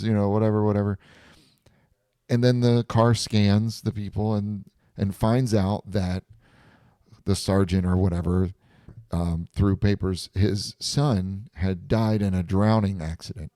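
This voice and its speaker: Man, animated storyteller, low mellow voice, dry close sound. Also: a little slow, no room sound. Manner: animated storyteller, laughs often. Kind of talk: casual chat on a live stream.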